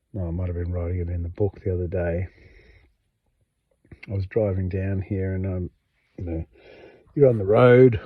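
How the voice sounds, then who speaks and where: A man hosting his own podcast, talking unscripted late at night in a rambling, halting way with many fillers and restarts. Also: fairly low pitch, no echo, narrow, tinny audio. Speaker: podcast host.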